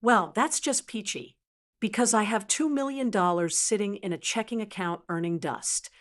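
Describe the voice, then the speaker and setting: A woman putting on a booming Southern widow. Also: normal speed, lightly acted. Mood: showy. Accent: slight Southern US drawl, put on. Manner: loud, booming, flirtatious. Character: brash wealthy southern widow, older woman.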